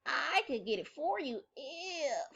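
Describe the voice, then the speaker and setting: A woman's voice: high-pitched, big pitch swings, gravelly, lo-fi sound, pitched above the performer's own voice, exaggerated voice. A woman doing a timid, scratchy little frog. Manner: soft and slow. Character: timid lonely male frog, small and icky.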